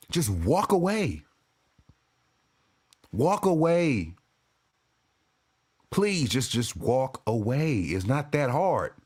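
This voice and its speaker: A man ranting as a sports fan commentator, profane and animated, often restarting and repeating himself. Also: sits high. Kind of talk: ranting vlog.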